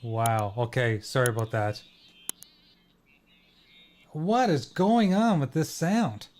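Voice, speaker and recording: A man hosts a relaxed podcast at a desk microphone. His voice sits at a middling pitch, and he talks plainly and apologetically while he fixes his setup. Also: takes it slowly. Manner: apologetic, troubleshooting aloud. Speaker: podcast host. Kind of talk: casual chat.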